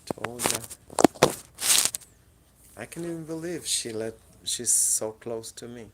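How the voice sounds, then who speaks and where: Inside her apartment, a woman chats casually with her cats, coaxing and teasing them in front of a camera in the room. Her voice is a rumbling low and slow, and the recording is very noisy.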